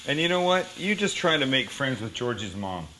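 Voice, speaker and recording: A man's voice: medium pitch, brisk, slight background noise, low-quality recording. A man hosting a cooking show, chatting casually and telling joking stories as he cooks. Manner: joking, animated storytelling.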